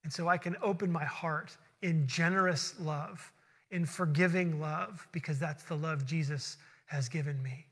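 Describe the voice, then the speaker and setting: A man preaching a sermon as a pastor, telling a personal story with earnest energy that builds into quick excited bursts before settling into prayer. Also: on the high side, big-room sound. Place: church sanctuary.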